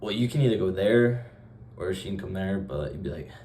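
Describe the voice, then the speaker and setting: Low-voiced young man rambling offhandedly. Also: expressive, fairly quick, dark tone, a little hiss or hum. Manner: acts out short dialogue exchanges. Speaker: vlogger. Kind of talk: casual vlog monologue.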